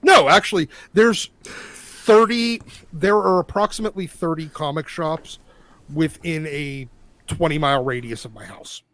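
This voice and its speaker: A man's voice: fairly high pitch, measured pace, a bit bright, no echo. A man from the Pittsburgh area ranting emphatically in a casual live-stream chat, with profane asides. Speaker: show regular, commentator.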